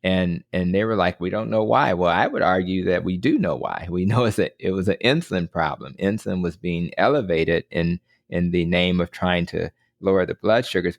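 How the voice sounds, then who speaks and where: A man's voice: deep voice, gravelly, dry recording, clean studio sound. A man hosting a podcast and interviewing a guest, earnest, often repeating words as he starts a sentence. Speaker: podcast host, physician. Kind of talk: conversational interview.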